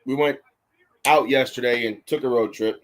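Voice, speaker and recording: A man's voice: mid-range voice, fairly even intonation, moderate pace, a bit bright. A man co-hosting a podcast in casual chat, matter-of-fact, often correcting his partner. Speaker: podcast co-host.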